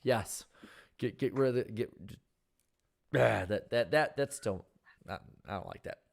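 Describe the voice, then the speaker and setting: A man co-hosts a casual podcast in a fairly low, worn-out, hoarse voice, reading out viewer super chats with halting restarts.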